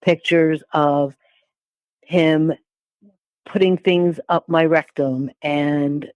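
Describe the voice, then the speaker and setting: A woman in her sixties recounts her story as an interview guest, her voice sitting low. She speaks haltingly, repeating words and restarting phrases. The sound is dry and close, with no room echo. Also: steady tone, darkish tone, muffled recording. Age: 60s. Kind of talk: personal testimony.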